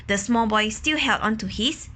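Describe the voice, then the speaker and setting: A woman reading a children's picture book aloud, pausing to ask questions, explain words and imitate quacking ducks. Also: on the high side, sharp tone. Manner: imitates quacking and gasps for effect. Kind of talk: children's story read-aloud.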